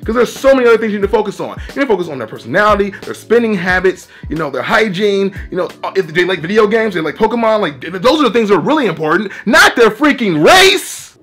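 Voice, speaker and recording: A man's voice: high voice, very animated, rapid-fire, hardly any pauses, breathy edge, soft background music. A man hosting his own vlog, telling a story to camera in a casual, emphatic way with joking asides. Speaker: vlogger host.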